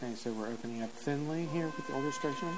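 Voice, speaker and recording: A man giving live spoken feedback as a music judge, halting with many fillers and singing rhythms out as syllables. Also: medium pitch, background noise. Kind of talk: live spoken adjudication over a performance. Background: loud marching band music.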